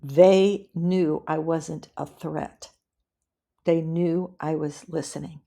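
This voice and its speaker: Woman, middle-aged, webinar presenter; low, gravelly, calm and practical, repeats key points. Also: takes it slowly. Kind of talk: instructional webinar talk.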